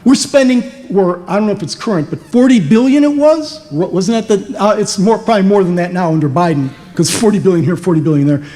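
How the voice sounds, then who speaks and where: A man's voice: high-pitched, expressive, fast, hardly any pauses, warm tone. A man answering on a town hall panel, pointed and full of rhetorical questions. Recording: echoey hall.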